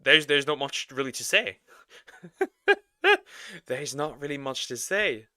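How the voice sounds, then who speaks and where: Very bright, crisp-voiced man reacting casually. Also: mid-range voice, no echo, studio quality. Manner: halting, slangy, repeats himself. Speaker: streamer reacting to a video.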